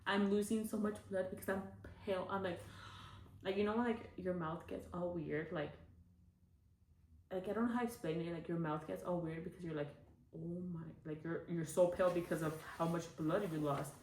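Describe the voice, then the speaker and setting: A woman's voice: fairly low pitch, steady tone, normal speed, darkish tone, slight background noise. A young woman telling a personal story in a casual vlog, chatty and full of fillers. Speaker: vlogger. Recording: echoey room from a far mic.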